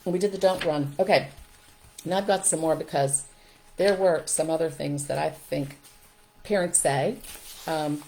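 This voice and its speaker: A woman's voice: low voice, a little slow, long pauses, slight background noise, low-quality recording. Chatty older woman giving parenting advice. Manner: warm, chatty, laughs often, reads viewer comments aloud. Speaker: host. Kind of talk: live parenting advice talk.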